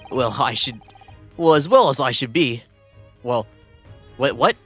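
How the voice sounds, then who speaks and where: A man's voice: medium pitch, lively intonation, unhurried, fairly bright tone, faint music behind. A man doing a theatrical, eccentric detective. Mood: bumbling.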